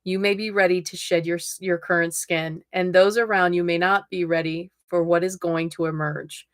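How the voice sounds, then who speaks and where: A woman's voice: fairly low pitch, steady tone, moderate pace. A woman in her forties hosting a casual live stream and reading tarot cards, chatty and laughing often as she talks to her viewers. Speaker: host.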